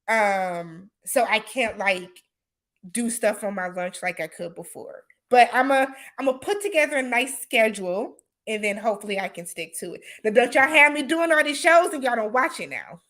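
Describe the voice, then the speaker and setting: Bright, chatty woman hosting a livestream. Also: on the high side. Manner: chatty, answers viewer comments, laughs often; casual, uses y'all and imma. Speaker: livestream host. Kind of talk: casual livestream chat.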